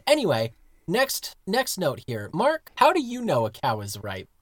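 A man's voice: a little high, wildly swooping pitch, unhurried, no room sound. Joking man podcast co-host. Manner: joking, crude, playful. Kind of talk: casual chat.

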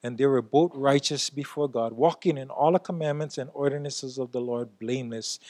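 A man preaching a sermon as a church elder, talking emphatically and swinging between loud exclamations and quiet asides. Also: mid-range voice, normal speed, hardly any pauses.

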